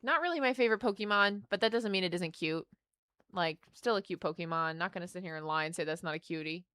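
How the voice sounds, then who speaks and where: A young woman streaming, chatting casually and excitedly as she opens trading cards and speaks warmly to her chat. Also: lowish voice, quick pace, clear, resonant tone, no echo, studio quality. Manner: excitable, gasps and squeals at good pulls, earnest and affectionate to chat.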